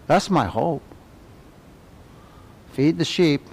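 A middle-aged man leads a Sunday school class in a church. His voice sits a little high, and he talks in an animated way, tossing tag questions at the class. On reverent words he drops to a soft, low murmur. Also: normal speed, long pauses, a little hiss or hum. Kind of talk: conversational Bible teaching.

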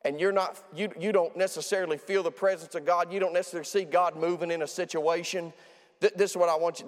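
A high-pitched man preaching. His delivery is emphatic and repetitive, full of restarts and rising appeals. A long reverb trails his voice through the hall. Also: fairly even intonation, quick pace. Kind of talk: sermon.

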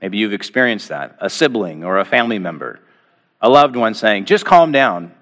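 A man preaching a sermon to his congregation, asking rhetorical questions and slowing down with deliberate pauses on key phrases. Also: on the low side, lively intonation, creaky, a bit bright. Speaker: pastor.

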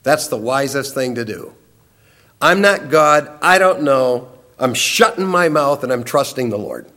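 A man preaching a sermon, emphatic and swinging between raised, urgent lines and hushed, low asides. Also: expressive, a little slow.

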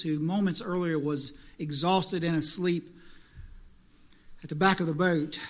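A man's voice: high-pitched, fairly bright tone. A man preaching a sermon as pastor in a church, building through repeated rhetorical questions to emphatic peaks.

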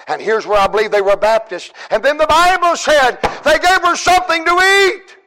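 A middle-aged man preaching a revival sermon at a church conference, crying out and shouting in rising bursts, with folksy, self-deprecating humor. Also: very high voice, expressive, normal speed, few pauses.

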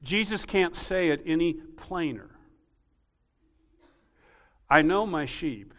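Male pastor, emphatic sermon delivery; slightly high-pitched, long hall echo. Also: lively intonation, takes it slowly, a bit bright. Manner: emphatic, building to repeated rising peaks. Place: church sanctuary. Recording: reverberant hall.

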